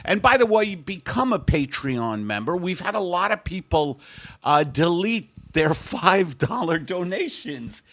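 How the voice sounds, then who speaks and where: A man's voice: sits high, sing-song, unhurried, a bit bright, dry recording. A man with a Brooklyn accent hosting a comedy podcast from his home, ranting in an exaggerated, mock-grandiose way. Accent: Brooklyn, New York. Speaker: podcast host.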